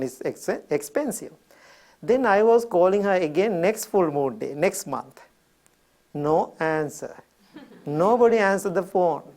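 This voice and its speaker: A middle-aged man with a Sri Lankan accent, a Buddhist monk telling a personal story in a gentle dharma talk, chuckling often. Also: fairly high pitch.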